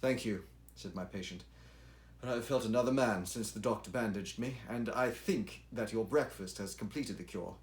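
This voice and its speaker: A man's voice: on the low side, moderate pace, close to an everyday voice. A man reading the part of a young, struggling engineer who tells his story earnestly and lifts his voice when he replies.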